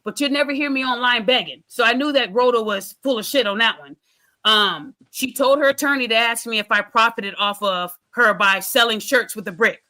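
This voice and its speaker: Bright-voiced woman telling a story, swearing freely. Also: on the high side, normal speed. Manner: candid and animated, swears freely. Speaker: podcast host. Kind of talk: casual storytelling to a live audience.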